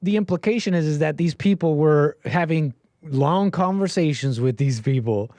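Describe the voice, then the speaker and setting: A man hosting a livestream, ranting in commentary style with animated bursts and lots of restarts. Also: fairly high pitch, no room sound. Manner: animated, rapid restarts, sudden loud bursts. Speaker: livestream host.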